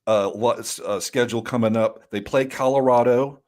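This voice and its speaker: A man co-hosting a fantasy baseball podcast, jokey and animated, often repeating words as he starts a thought. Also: medium pitch, normal speed. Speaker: podcast co-host. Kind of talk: casual chat.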